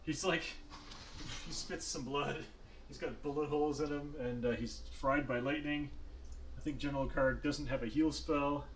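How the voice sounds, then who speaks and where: A man's voice: on the high side, steady tone, unhurried. Male game master, rambling, hesitant, faint noise behind. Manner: rambling, laughing, hesitant with many fillers. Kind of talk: narrating a tabletop game over voice chat.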